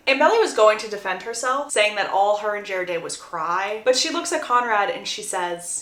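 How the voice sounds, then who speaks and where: A woman's voice: on the high side, expressive, normal speed, few pauses, pushed and bright. A young woman retelling a story in a chatty, dramatic way with playful asides. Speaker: book recap creator. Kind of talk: casual storytelling recap. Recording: roomy echo.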